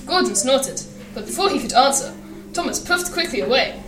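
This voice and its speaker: A woman reading a children's storybook aloud in a lively, expressive way. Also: high voice, moderate pace, echoey room, far from the mic, noisy background.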